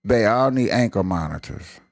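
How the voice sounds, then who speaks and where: A man's voice: fairly low pitch, expressive, normal speed, dry recording. A man hosting a live stream, ranting in emphatic, colloquial casual commentary.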